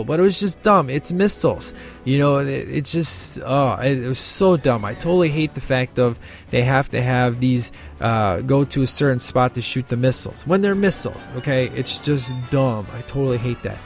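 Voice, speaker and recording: A man and father giving casual film commentary, rambling with many fillers and restarts. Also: a little high. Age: adult with a child. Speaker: film reviewer.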